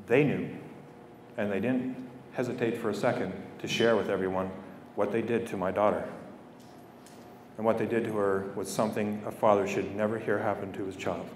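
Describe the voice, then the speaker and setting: A man's voice: fairly low pitch, fairly even intonation, moderate pace, long pauses, slight background noise. Middle-aged man speaking earnestly in an echoey hall. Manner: earnest, heartfelt, repeats phrases for weight. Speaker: guest speaker. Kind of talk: public speech to students. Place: school hall or gym.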